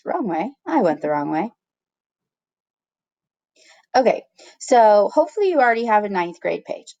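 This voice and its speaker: A woman's voice: lowish voice, darkish tone, no echo. A woman teacher giving a patient, step-by-step screen-recorded tutorial, checking in with her students as she goes.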